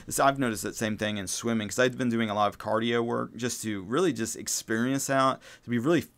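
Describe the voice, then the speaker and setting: A man's voice: mid-range voice, fairly quick, a bit bright. A man hosting a spiritual self-help podcast, talking casually and rambling, with many fillers and restarts and the odd swear word. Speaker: podcast host.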